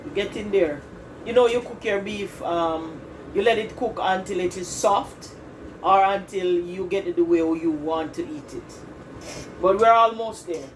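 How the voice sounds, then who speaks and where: In a low-quality recording with a little hiss or hum, a woman with a mid-range voice speaks unhurriedly. She hosts a casual cooking demonstration from her home kitchen, chatting to her viewers and going over the same points again.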